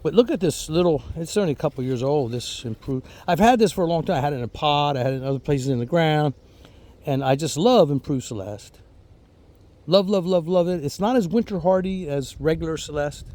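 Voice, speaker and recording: A man's voice: a little high, fairly quick, darkish tone. A man hosting a casual garden vlog outdoors, talking in an enthusiastic, rambling way and repeating words as he goes. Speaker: fig grower and channel host.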